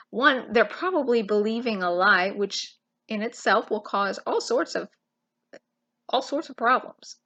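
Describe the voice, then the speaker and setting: Impassioned woman teaching the Bible, high voice. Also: a bit bright. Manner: impassioned, emphatic, with pauses and restarts. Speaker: Christian teacher.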